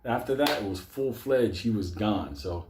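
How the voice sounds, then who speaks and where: A man's voice: lowish voice, normal speed, echoey room, slight background noise. A man casually telling comic stories about an old friend, swearing constantly and breaking into laughs. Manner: animated, heavy swearing, laughs often. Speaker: storyteller. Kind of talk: casual profane storytelling.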